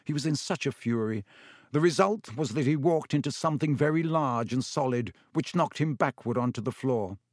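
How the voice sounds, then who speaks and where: Here a man with a medium-pitched voice narrates a novel from a script in a calm, even way. It's a studio-quality recording, completely dry.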